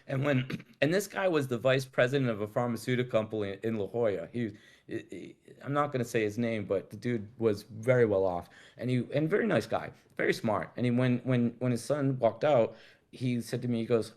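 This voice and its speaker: Speaking at a brisk clip in a mid-range voice, a middle-aged male guest rambles through long stories in casual talk. He curses freely and keeps the storytelling loose and laid-back.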